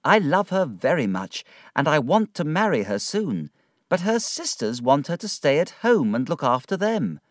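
A man voicing an earnest, gentle young man in love, speaking in a raised, earnest voice. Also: very animated, normal speed, dry recording, studio quality. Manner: earnest, raised-pitch delivery.

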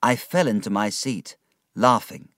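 A man reads a storybook aloud at an unhurried, deliberate pace. His low voice rises and falls expressively through each sentence. The recording is close and dry, with no room sound. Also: no echo. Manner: slow, measured, expressive reading. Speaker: audiobook narrator. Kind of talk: scripted storybook narration.

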